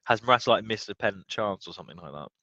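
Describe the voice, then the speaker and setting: Young football fan streamer, a bit drunk, sweary and animated, sharp tone. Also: male voice, on the low side, fast talker, dry recording, lo-fi sound. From United Kingdom. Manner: excitable, sweary, swings from muttering to yelling. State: tipsy. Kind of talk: live match watchalong reaction.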